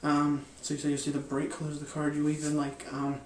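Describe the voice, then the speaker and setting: A man's voice: a little high, completely flat delivery, fast talker, darkish tone, roomy sound, distant mic, slight background noise. A man explaining a mind-reading card technique in a loose, rambling way, with lots of fillers and restarts. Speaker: magic and hypnosis instructor. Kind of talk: casual instructional explanation.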